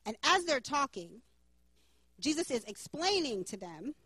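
A woman's voice: high voice, big pitch swings, unhurried, bright, forceful tone, breathy edge, no echo, studio quality. A woman preaching a sermon in an emphatic, playful way.

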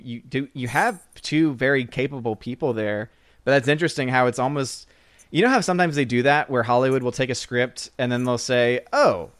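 A man hosting a live stream in casual chat, joking and talking in a slightly halting way. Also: mid-range voice, smooth, no echo. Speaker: stream host.

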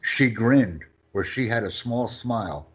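A male English teacher working through lists of phrases, his pitch swinging widely as he stresses each one. He speaks slowly and deliberately, giving every phrase room before his student repeats it. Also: animated. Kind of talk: language lesson, reading phrases for repetition.

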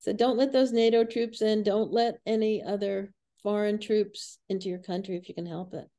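A woman's voice: mid-range voice, steady tone, moderate pace, warm tone. A woman physician as a podcast guest, talking casually and earnestly, with laughter between her warnings. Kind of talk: casual interview chat.

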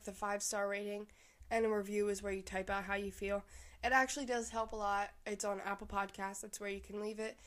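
Young woman, solo podcast host, casual rambling chat, candid, laughs often, filler words. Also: medium pitch.

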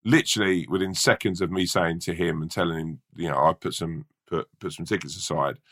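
Man, very low voice, gravelly, bright edge, rambling sweary storyteller. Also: fairly even intonation, fairly quick. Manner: swears a lot, rambling anecdotes. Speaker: stand-up comedian and podcast co-host. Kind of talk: casual storytelling chat.

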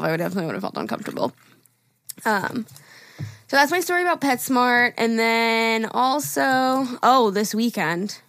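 A woman's voice: fairly high pitch, vocal fry, fairly bright tone, no echo. Young woman, twenties, podcast co-host; chatty storyteller, casual swearing, close dry mic. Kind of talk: casual chat.

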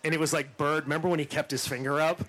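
A man's voice: on the high side, quick pace. A middle-aged man, an actor and former basketball player, telling stories in a podcast interview with lots of fillers and restarts, acting out the quotes. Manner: animated, acts out quotes, many fillers and restarts.

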